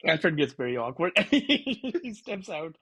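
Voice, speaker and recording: A man's voice: on the high side, sing-song, takes it slowly, fairly bright tone, husky. A man narrating a tabletop game as dungeon master in a loose, chatty way full of fillers.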